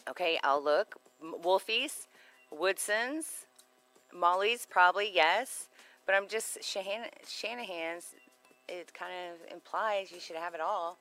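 A woman's voice: fairly low pitch, a little slow, a bit bright, faint music behind. A woman co-hosting a radio show in casual banter, bubbly and jokey, laughing often.

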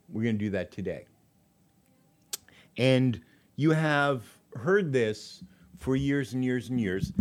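A man hosting a community radio show from the studio, chatting in an easygoing, joking way and reading a poem aloud. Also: mid-range voice. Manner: easygoing, joking, with frequent "um" fillers.

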